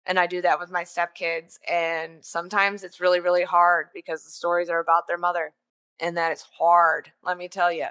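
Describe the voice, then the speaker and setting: Bright, chatty woman telling her story. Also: fairly low pitch, normal speed, smooth. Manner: chatty, animated, joking asides. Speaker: podcast host. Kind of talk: personal storytelling.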